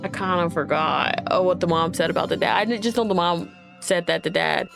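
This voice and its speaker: A woman's voice: fairly low pitch, fairly quick, gravelly, music in the background. A woman casually commenting while playing a video game, reading game text aloud and swearing freely. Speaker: gaming youtuber. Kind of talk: casual let's-play commentary.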